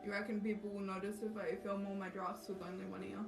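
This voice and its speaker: Fast and flat, with vocal fry in a mid-range voice, a young woman chats casually to her livestream viewers. She's a cosplay livestreamer, self-mocking and prone to tangents, and background music sits behind her distant mic.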